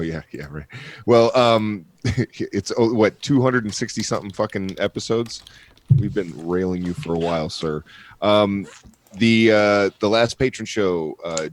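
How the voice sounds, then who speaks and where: A man hosting a podcast in casual chat, rambling with lots of fillers and casual swearing. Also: deep voice. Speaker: podcast host.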